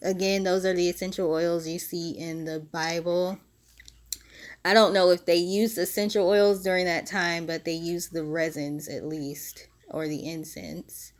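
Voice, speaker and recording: A woman's voice: on the low side, measured pace. Breathless woman explaining a DIY recipe. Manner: relaxed, chatty, explains step by step with small laughs. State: short of breath. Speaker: spiritual DIY vlogger. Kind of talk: casual how-to voice-over. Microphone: phone.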